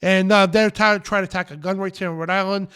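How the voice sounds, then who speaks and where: Man, high voice, fiery preaching rant, defiant, emphatic, show host. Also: fairly even intonation, quick pace, a bit bright, clean tone. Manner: emphatic, defiant, repeats phrases.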